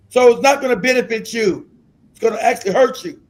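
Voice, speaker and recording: A man hosting a live stream, ranting in a profane, combative way and shouting at times. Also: extremely high pitch, brisk. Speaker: streamer host.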